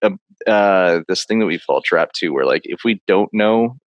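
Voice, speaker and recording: Male guest, very deep voice, dry sound, loose and joking. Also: lively intonation, normal speed, no echo, dull audio. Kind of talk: casual video call interview.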